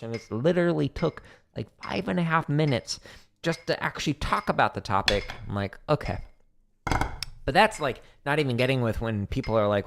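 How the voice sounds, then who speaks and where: A man with a gravelly, medium-pitched, expressive voice talks at a normal pace over slight background noise. He's hosting a drumming livestream from his home practice room, chatting casually between practice runs and laughing often as he mocks commenters' voices.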